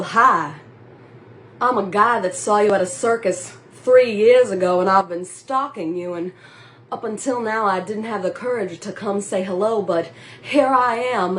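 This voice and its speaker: A woman's voice: mid-range voice, slight background noise, lightly acted. A woman voicing a bumbling, lovestruck man with a put-on Southern accent in a comedic one-person movie reenactment. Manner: earnest, awkward and rambling.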